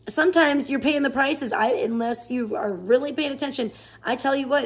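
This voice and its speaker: A woman live streamer chatting casually, rambling and swearing as she rants in exasperation. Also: on the high side. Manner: rambling, profane, exasperated ranting. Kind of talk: casual chat.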